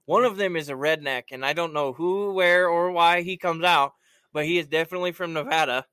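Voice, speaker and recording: Brief: man, host, casual and profane storyteller, clean crisp voice with a bright edge, dry close sound. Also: a little high, brisk, no room sound. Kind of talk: casual chat.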